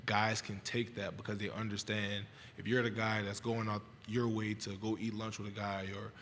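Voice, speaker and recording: A young man in his twenties from Louisiana, a college football player, answering press conference questions in a calm, thoughtful way with many fillers. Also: lowish voice, moderate pace. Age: 20s. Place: large media hall. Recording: long reverb of a large hall, faint noise.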